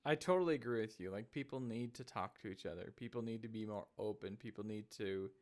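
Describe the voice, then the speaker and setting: A man's voice: fairly low pitch, fast talker. A man hosting a podcast, chatting casually and agreeing in short replies. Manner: relaxed, with brief agreeing replies. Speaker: podcast host. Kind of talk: casual interview chat.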